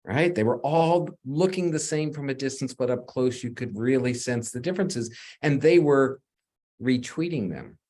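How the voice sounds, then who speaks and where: A man's voice: mid-range voice, normal speed. Brief: male panelist, mid-range voice, easygoing anecdote teller, over a video call. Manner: relaxed storyteller, acts out quoted dialogue. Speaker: designer on a panel. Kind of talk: anecdotal storytelling in a panel talk.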